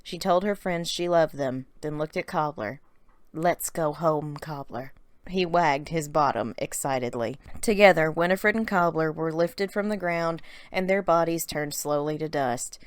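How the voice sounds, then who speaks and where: A woman narrating a scripted story recap in a calm, gently paced storybook reading. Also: sits low, moderate pace, hardly any pauses, clear, resonant tone, no room sound.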